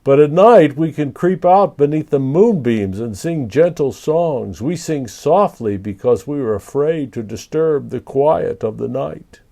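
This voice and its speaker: A man voicing a sleepy, gentle sloth in a picture-book reading, speaking calmly and softly. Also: fairly high pitch, unhurried, vocal fry, few pauses.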